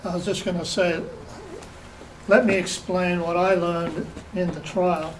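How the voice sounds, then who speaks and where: A high-voiced man joins in from the gathering. He explains his point with deliberate care. He is picked up far from the microphone, with faint noise around him. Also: fairly even intonation. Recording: distant mic, faint noise.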